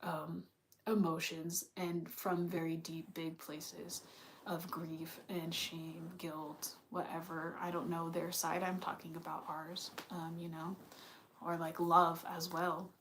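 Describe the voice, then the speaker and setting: A woman's voice: on the low side, flat delivery, takes it slowly, a bit bright, a little hiss or hum. A young woman telling a personal story in a casual, rambling way, full of "like" and the odd swear word, with sighs between thoughts.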